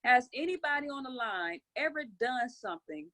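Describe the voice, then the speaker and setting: A woman hosting a motivational group conference call, urging listeners with energetic, repetitive, preacher-like phrasing and call-and-response, speaking into a phone or computer mic. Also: high voice, moderate pace.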